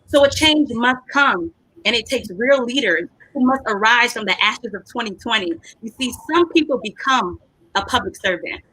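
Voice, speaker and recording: A woman's voice: on the high side, animated, normal speed, sharp tone, breathy edge, low-quality recording. A woman in her thirties, a political candidate giving a passionate personal speech with a rousing, preacher-like cadence over a video call. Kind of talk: impassioned personal speech on a panel.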